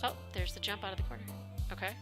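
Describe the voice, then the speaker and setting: A woman's voice: medium pitch, racing, music in the background. A woman streaming a game, chatting casually, reading game text aloud and swearing now and then. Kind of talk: casual live-stream commentary.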